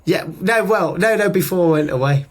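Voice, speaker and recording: A man's voice: high-pitched, a little fast. A man from the UK co-hosting a podcast, chatting in a rambling, jokey way about his work and travels. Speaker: podcast co-host, musician and videographer. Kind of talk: casual podcast chat.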